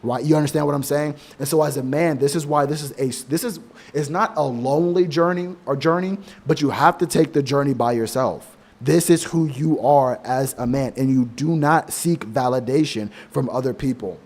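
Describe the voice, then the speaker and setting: A man's voice: medium pitch, moderate pace, a little mellow. A young adult man in a casual monologue of advice, blunt and profane, rambling through anecdotes with many restarts. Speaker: men's advice vlogger.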